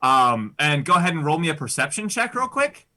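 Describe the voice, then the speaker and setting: A man playing a relaxed game master who asks for dice rolls, hesitating with lots of "uh.". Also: fairly high pitch, brisk, exaggerated voice. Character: casual male tabletop game master.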